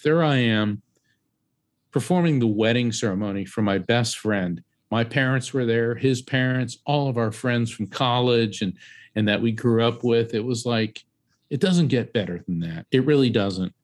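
Animated male medium telling a story. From Central Florida. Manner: animated storyteller, acts out voices and raises his pitch sharply. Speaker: psychic medium and author. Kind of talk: storytelling interview guest.

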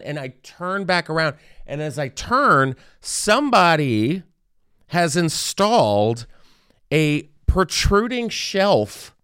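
Animated man telling a comic story. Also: clean tone, no room sound, clean studio sound. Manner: animated, jumps into high voices when quoting people. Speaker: podcast co-host. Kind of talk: casual comedic storytelling.

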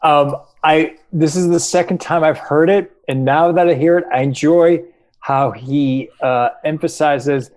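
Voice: medium pitch, unhurried, darkish tone. A podcast co-host in casual chat, making brief, amused remarks.

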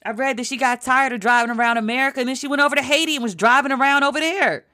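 A woman's voice: high-pitched, rapid-fire, sharp tone. A woman recapping a TV show in casual, emphatic talk, with some swearing. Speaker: TV show reviewer.

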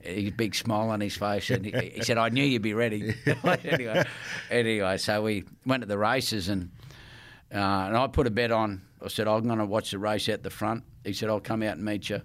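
A man's voice: on the low side, steady tone, a little fast, fairly bright tone. A middle-aged man with an Australian accent, a guest telling rambling stories in casual chat, often laughing and restarting. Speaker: guest, former player.

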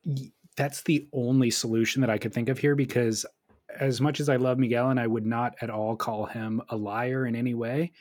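Male co-host, mid pitch, dry booth sound, skeptical, easygoing agreement. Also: fairly even intonation, moderate pace, a little mellow, no room sound. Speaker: podcast co-host. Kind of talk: casual chat.

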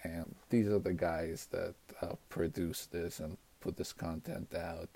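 A man with a very low, mellow voice leaves a recorded message for the show. He sounds earnest and grateful. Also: steady tone, unhurried, creaky, breathy edge.

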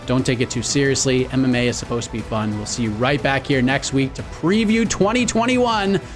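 A man's voice: medium pitch, fairly quick, soft background music. A man co-hosting a sports podcast, chatting casually and wrapping up the episode. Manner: upbeat, wraps up the show. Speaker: podcast co-host.

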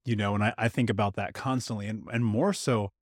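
A man hosting a podcast interview, reflective and measured, with casual swearing. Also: fairly low pitch, steady tone, dry recording, clean studio sound. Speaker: podcast host. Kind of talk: conversational interview.

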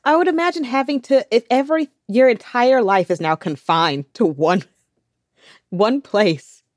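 A woman hosting a podcast, who narrates from a script in a measured way and responds to her guest in a relaxed way. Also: a little high, no room sound, studio quality. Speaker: podcast host.

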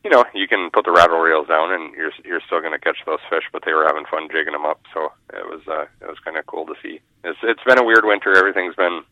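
A man's voice: low-pitched, fast talker, few pauses, dry recording. A man, a fishing guide talking casually in a radio interview, rambling and repeating his words. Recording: muffled phone line.

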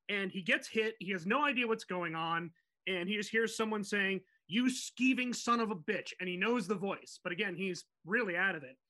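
Bright, high-voiced male podcast host. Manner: animated, digressive storyteller. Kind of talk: storytelling podcast narration.

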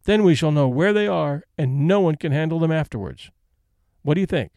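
A man voicing a brisk, stoic old woman who speaks in a crisp, decisive, matter-of-fact way. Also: on the high side, animated, darkish tone, no echo. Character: older woman, brisk, stoic, practical invalid.

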